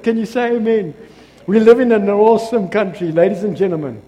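A high-pitched South African man preaches to his congregation, jokes with the crowd and rises to loud, energetic exclamations. His voice rings with the long reverb of a church hall. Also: a little fast. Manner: energetic, joking, builds to loud exclamations, calls for amens. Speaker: pastor. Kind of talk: lively sermon.

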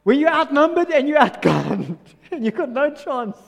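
A man with a South African accent preaching a sermon as pastor, swinging from loud exclamations to soft, low asides. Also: very animated, moderate pace, creaky, big-room sound. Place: church hall.

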